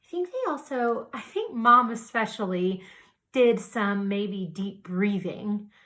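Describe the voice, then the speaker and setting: A woman teacher reading a picture book aloud to young children, gentle and soothing with soft whispered asides. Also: mid-range voice, animated, takes it slowly.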